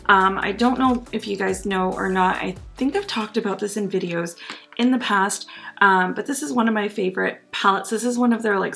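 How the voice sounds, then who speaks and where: Woman vlogger, eager and chatty, slight gravel in the voice, soft background music. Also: medium pitch. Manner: chatty and enthusiastic, frequent ums and laughs. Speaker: beauty vlogger. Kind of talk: casual product review.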